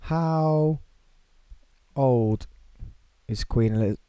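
A man hosting a podcast alone in his studio, talking excitedly and rambling. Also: mid-range voice, drawn-out words, smooth, no echo. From United Kingdom. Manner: excitable, rambling, self-mocking. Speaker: podcast host. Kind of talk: solo podcast monologue.

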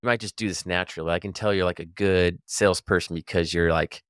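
A man's voice: sits low, steady tone, fast, a bit bright, clean tone, no room sound, studio quality. A man hosting a podcast interview, talking loosely and casually with lots of fillers. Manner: loose and chatty, many fillers like "like" and "you know". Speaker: podcast host.

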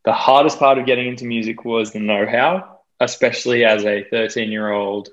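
Australian guy in his twenties, relaxed podcast guest, loose and filler-heavy, mid-range voice, a bit dull on the recording. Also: mid-range voice, normal speed. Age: young adult. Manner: chatty, self-deprecating, laughs often, many fillers. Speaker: guest DJ and producer. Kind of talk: casual interview chat.

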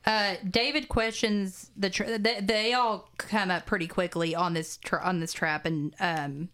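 A woman's voice: medium pitch, steady tone, measured pace, a bit bright. A woman co-hosting a casual podcast, recapping a movie plot in a dry, dismissive way with frequent offhand asides. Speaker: podcast co-host.

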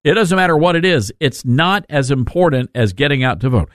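A man's voice: fairly high pitch, animated, a little fast, no echo, clean studio sound. A man hosting a talk radio show, joking and self-mocking as he talks. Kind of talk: casual talk radio monologue.

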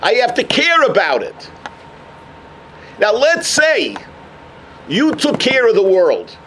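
A man giving a sermon as a rabbi, telling a story with animated energy. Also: extremely high pitch, slow, a little hiss or hum. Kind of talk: sermon on the weekly portion.

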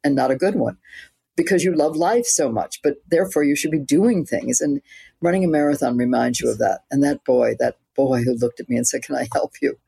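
A woman's voice: rumbling low, brisk, creaky, mellow, breathy edge, no echo. A woman in her eighties, an actress and author, chatting reflectively as an interview guest with light laughs mid-sentence. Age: 80s. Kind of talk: casual interview chat.

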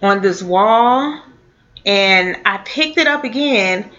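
A woman telling a personal story in a casual, halting way, with many fillers and restarts. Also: mid-range voice, animated, fairly bright tone. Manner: halting, full of fillers and restarts, laughs now and then. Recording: dull lo-fi audio.

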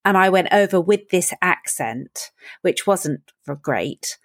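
A woman's voice: lowish voice, animated, takes it slowly, dry recording, clean studio sound. A woman podcast host with a light Belfast lilt, chatty and reflective, telling a personal story. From Northern Ireland and England. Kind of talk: podcast interview.

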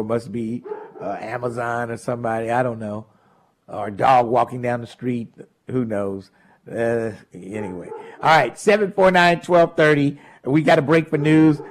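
A man hosting a call-in talk radio show, laughing and mocking callers. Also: medium pitch. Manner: animated, laughs often, mocks callers.

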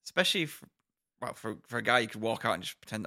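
A man, a chatty podcast co-host who calls his own voice squeaky. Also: very animated, fast talker, pushed and bright. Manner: chatty, self-described squeaky. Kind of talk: casual banter.

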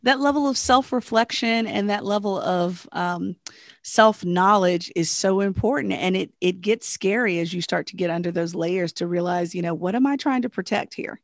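Animated woman with a gravelly voice. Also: lowish voice, normal speed, dry recording, clean studio sound. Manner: animated, laughs often, frequent "you know". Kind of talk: casual podcast conversation.

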